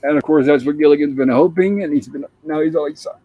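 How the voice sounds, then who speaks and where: A man's voice: on the high side, fast, dry recording, phone-quality sound. A man hosting a show, chatting casually as he retells the plot of an old TV episode. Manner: chatty, plain storyteller. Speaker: show host.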